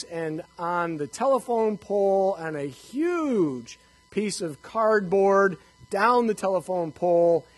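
An older man telling personal stories to a live audience in an animated, joking way, acting out the dialogue. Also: high-pitched, poor audio. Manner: animated, jokey, acts out dialogue. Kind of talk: storytelling talk to a live audience.

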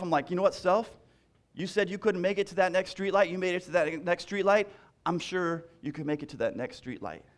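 A male pastor preaching a sermon in an animated, repetitive style that builds in intensity. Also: medium pitch.

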